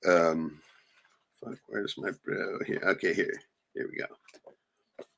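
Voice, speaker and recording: A man's voice: sits low, steady tone, slow, vocal fry, slight background noise. A middle-aged man streaming live, swearing freely and rambling through stories while showing photos. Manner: profane, rambling storyteller with sudden loud jumps. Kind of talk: casual venting monologue showing photos.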